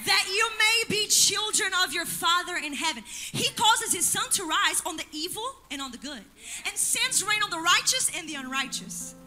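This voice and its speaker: A woman preaches in church with a very high, bright, cutting voice. She drives her points hard, pausing for the congregation with repeated calls to listen and answer. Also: expressive, soft background music. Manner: emphatic preaching with call-and-response asides. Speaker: pastor. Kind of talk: sermon.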